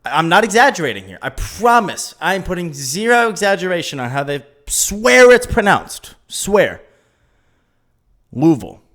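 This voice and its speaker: A man co-hosting a casual podcast chat, talking in an animated, ranting way and laughing often. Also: high voice, normal speed, hardly any pauses. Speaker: podcast co-host.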